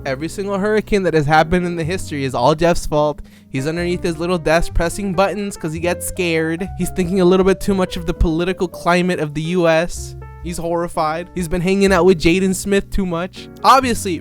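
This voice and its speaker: High-voiced sarcastic man ranting comically. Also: fairly even intonation, fairly quick, few pauses, faint music behind. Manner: sarcastic, rambling with self-interruptions. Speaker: commentary creator. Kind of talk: comedic commentary monologue.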